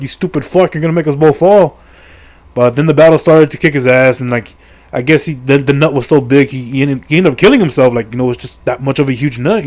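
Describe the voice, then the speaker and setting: A man's voice: medium pitch, darkish tone. A middle-aged man casually retelling a video game story, crude and full of swearing and fillers. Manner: crude, profane and joking, with lots of fillers. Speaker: video creator. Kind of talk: casual rambling game recap.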